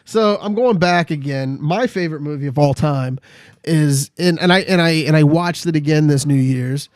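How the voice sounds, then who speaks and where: Middle-aged male co-host, halting, restart-heavy delivery, high voice. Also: no room sound, clean studio sound. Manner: halting, many restarts, acts out movie lines. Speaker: podcast co-host. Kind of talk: casual chat about movies.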